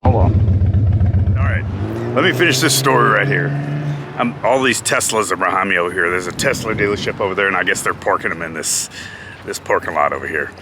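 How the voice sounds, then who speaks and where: A man vlogging outdoors beside a parking lot, telling a story in a lively, laughing way through a lapel mic. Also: sits low, brisk, noisy background. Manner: animated, laughs often. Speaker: vlogger, former pro wrestler. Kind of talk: casual storytelling.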